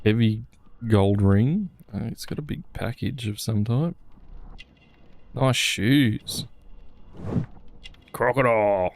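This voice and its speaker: A man's voice: on the low side, takes it slowly, vocal fry, long pauses, a little hiss or hum. A man giving casual, rambling commentary while he plays a video game. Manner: rambling, wry, chatty. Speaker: gaming streamer.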